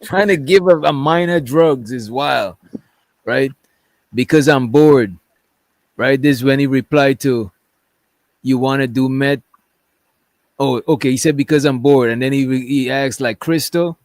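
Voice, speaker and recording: On a dry recording, a man with a medium-pitched voice does casual livestream commentary at a measured pace with long pauses. The streamer rambles as he reads text messages aloud, often asking "right?".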